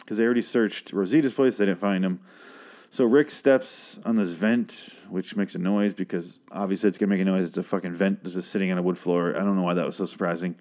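Sardonic low-voiced man rambling a recap. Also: steady tone, brisk, a little mellow. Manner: profane, sardonic, trails off with frequent restarts. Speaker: show recap podcaster. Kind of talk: casual rambling episode recap.

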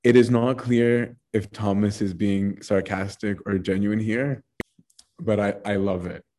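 Casual lower-voiced man teaching scripture. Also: fairly even intonation, unhurried, dark tone. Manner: conversational, says "right?" and "like" often. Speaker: Bible teacher. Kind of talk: casual Bible study talk.

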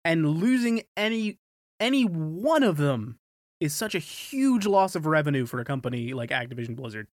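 A man co-hosting a casual gaming podcast, earnest and quick to agree. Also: on the high side, animated, no room sound, clean studio sound. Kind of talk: casual chat.

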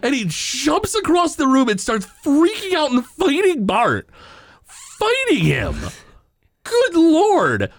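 A man chatting on a podcast, his pitch swinging widely from low to high as he retells scenes. He talks loosely, with plenty of fillers and chuckles. The sound is close and dry, with no room around it. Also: wildly swooping pitch, slow pace, no echo. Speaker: podcast co-host recapping an episode. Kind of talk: casual chat.

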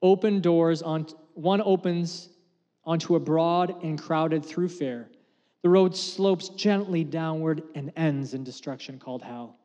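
A pastor in his thirties preaching a sermon with emphatic swings from loud to quiet. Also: fairly high pitch, steady tone, unhurried, highs cut off. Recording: long hall reverb.

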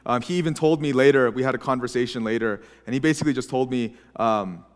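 A man's voice: mid-range voice, fast, in a large hall. A young adult man preaching as a pastor, telling his story in an earnest, confessional way with frequent restarts. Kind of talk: sermon.

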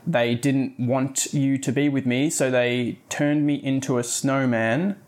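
A man's voice: medium pitch, fairly even intonation, measured pace, a little mellow, lightly acted. A man voicing a big, scheming male monster snowman in a casual retelling, close to his own voice. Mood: plotting.

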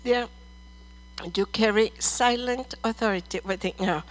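A middle-aged woman ministering prophetic words over people in church, earnest and measured, calling them dear and brother. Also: fairly high pitch, low-quality recording.

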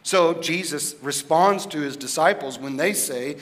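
A pastor delivers his sermon with a bright, forward tone and a slightly high pitch for a man. He talks in a loose, conversational way and often turns questions back to his listeners. His voice carries a long reverb tail from a large church hall. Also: moderate pace. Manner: conversational, asks the congregation questions.

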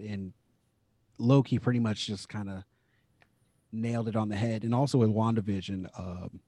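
A man's voice: fairly low pitch, steady tone, moderate pace, pauses often, mellow, no echo. Man, casual podcast chat, rambling with fillers, dry close sound. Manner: rambling with many fillers, laughs often. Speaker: podcast co-host.

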